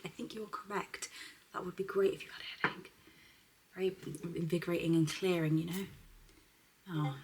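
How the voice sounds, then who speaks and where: A woman chatting casually at home, swearing freely and slipping into soft, half-whispered asides. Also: medium pitch, quick pace, slight background noise. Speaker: beauty vlogger. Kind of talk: casual unboxing chat. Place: at home, indoors.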